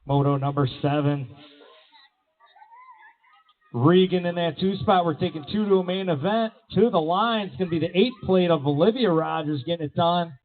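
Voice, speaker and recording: A man announcing races live at an outdoor BMX track, with energetic play-by-play full of rider nicknames. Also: on the high side, normal speed. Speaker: race announcer. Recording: tinny, phone-like sound.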